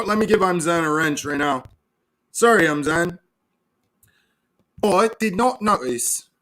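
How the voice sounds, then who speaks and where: A male livestreamer on a desktop mic, ranting sarcastically and swearing freely as he answers chat. His voice sits high and comes across bright and sharp. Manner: profane, sarcastic, reads chat aloud. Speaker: livestream host. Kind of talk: casual livestream rant.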